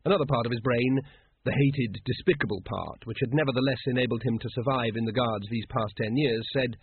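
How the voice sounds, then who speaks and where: A man's voice: mid-range voice, brisk, a little hiss or hum. A man reading a comic fantasy story aloud, with a dry, wry narrating manner. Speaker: audiobook narrator. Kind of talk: scripted narration. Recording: phone-like narrow band.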